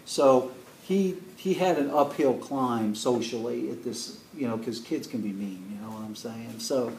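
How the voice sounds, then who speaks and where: A man from Chicago telling an animated story and coaxing a live class to join in as a motivational speaker. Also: mid-range voice, slight background noise. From Chicago, USA. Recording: roomy sound from a distant mic.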